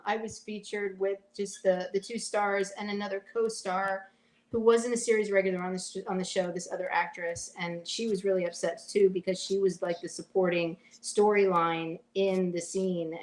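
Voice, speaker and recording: In a casual interview, a forties-aged actress chats her way through stories, leaning on "like" and performing other people's quotes in a medium-pitched voice. The audio quality is poor.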